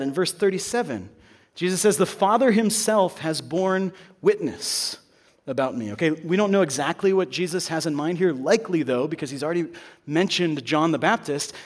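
A man preaching a sermon in a conversational teaching manner, checking in with listeners and pausing for emphasis. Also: fairly high pitch. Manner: conversational teaching, tag questions, dramatic pauses.

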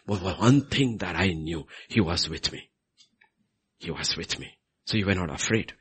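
Animated male preacher, husky. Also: low voice, a little slow. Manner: animated, swings between loud emphasis and quiet asides. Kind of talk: sermon.

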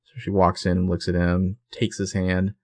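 This man speaks with a low pitch and completely flat delivery at a moderate pace, his tone on the dark side. He's a podcast co-host casually going through a TV episode scene by scene, with fillers and self-corrections throughout.

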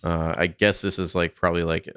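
A man's voice: low voice, level tone, brisk, a bit bright, smooth, no echo. A man co-hosting a podcast, chatting casually about film footage, swearing freely and thinking aloud with fillers. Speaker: podcast co-host.

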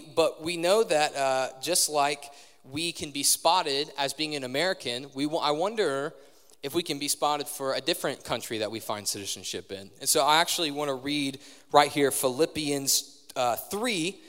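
Young male preacher, higher voice, casual sermon with crowd questions, long church-hall reverb. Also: a bit bright. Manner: conversational, quizzes the audience. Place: large church hall with live audience.

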